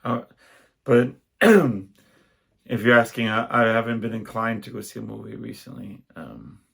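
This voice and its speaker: Gravelly-voiced man rambling on a podcast. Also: lowish voice, moderate pace, a bit bright. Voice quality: gravelly, husky. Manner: rambling, self-interrupting storyteller. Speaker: podcast host. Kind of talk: casual solo podcast monologue.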